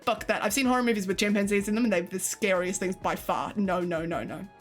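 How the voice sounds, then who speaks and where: A woman's voice: medium pitch, quick pace, soft background music. A young Australian woman streaming, chatting loosely with her chat, swearing freely and laughing often. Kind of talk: casual chat with live chat.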